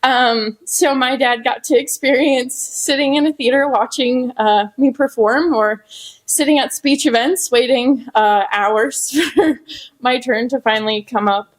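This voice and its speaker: A young woman with a fairly high voice gives a personal tribute at a ballroom gathering. She laughs softly through her emotion and pauses often on fillers. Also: fairly even intonation. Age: young adult. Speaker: speaker at a memorial honoring her father. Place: hotel ballroom event.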